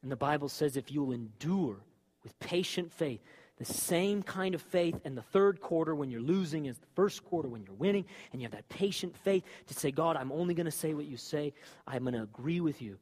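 A man preaching a sermon with fervor, moving from loud exhortation to quiet, confessional talk. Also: on the high side, expressive, brisk.

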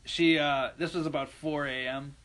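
Bright-voiced young man telling a wild story. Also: on the high side, normal speed. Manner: animated, laughing, acts out quoted lines loudly. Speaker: podcast co-host. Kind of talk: casual storytelling among friends.

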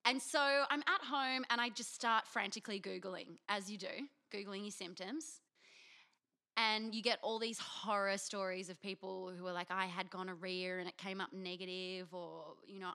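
This young Australian woman, co-hosting a podcast, shares a candid story that pokes fun at herself. She speaks at medium pitch with a sharp tone.

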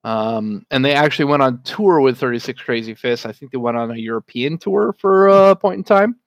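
A man co-hosting a podcast, chatting casually and swearing freely as he rambles between thoughts. His voice sits at an ordinary middle pitch. The sound is dry and close, with no room around it. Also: brisk, no room sound, dull audio. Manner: loose, profane, rambling banter. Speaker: podcast co-host. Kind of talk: casual chat.

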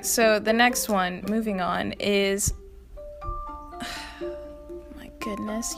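Young woman video host, casual commentary, quick laughing asides, light music bed. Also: mid-range voice. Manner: chatty, laughing, exasperated asides.

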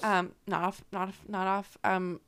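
A woman's voice: mid-range voice, little pitch movement, a little slow, a bit bright, smooth. A young woman from Canada, co-hosting a casual podcast chat, rambling and laughing through her own stories. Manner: giggly, rambling storyteller, laughs through words. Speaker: podcast co-host.

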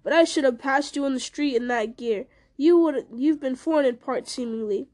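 A woman reading aloud, voicing a gruff, blunt-spoken male hobbit farmer from the countryside. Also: sits high, normal speed, darkish tone, natural voice. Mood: startled.

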